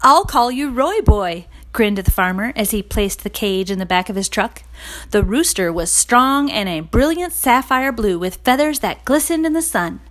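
A woman narrating a children's storybook aloud with expressive, lively storytelling. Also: fairly high pitch, rough recording.

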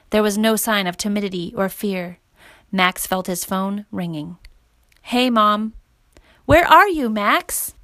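A woman reading a children's story aloud as narrator, in a steady, clear manner. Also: mid-range voice, dry recording.

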